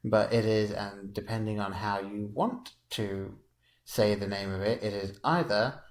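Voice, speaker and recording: A man co-hosting a podcast in a relaxed, rambling way, often chuckling as he talks. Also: on the low side, unhurried. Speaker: podcast co-host. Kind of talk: casual podcast chat.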